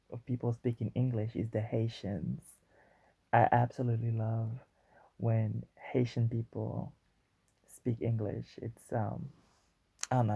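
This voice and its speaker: A woman with a Guadeloupean accent talks slowly in a chatty, wandering way, hosting her own podcast. Her voice is gravelly with a husky edge. The sound is dry and close. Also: rumbling low, warm tone, no echo, muffled recording. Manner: chatty, rambling, self-aware about being wordy. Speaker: podcast host. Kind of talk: solo podcast chat.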